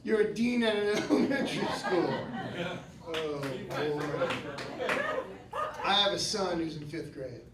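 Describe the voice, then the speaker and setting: A man's voice: on the high side, animated, a little slow, pauses often. A man in his fifties doing a profane stand-up set and trading jabs with the audience. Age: 50s. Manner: brash, profane, talks back to the audience. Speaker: stand-up comedian. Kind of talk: stand-up set with crowd work. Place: comedy club stage. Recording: echoey club from a distance, loud crowd laughter.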